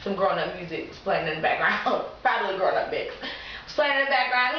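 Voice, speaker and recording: Young woman vlogger, animated storyteller, roomy dull home recording. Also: fairly quick, slight background noise. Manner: animated, laughing, acts out quotes in a higher voice. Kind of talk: casual storytelling to camera. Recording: echoey room, distant lo-fi mic.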